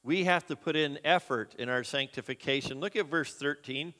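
A man's voice: on the high side, normal speed, bright, forceful tone. A man preaching a sermon as a pastor, earnest and conversational, asking the congregation questions. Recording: long hall reverb.

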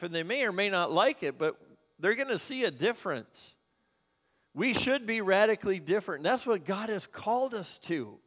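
A man's voice: high-pitched, very animated, fairly quick, a bit bright. A man preaching a sermon as a pastor, earnest and conversational, asking the congregation questions. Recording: long hall reverb.

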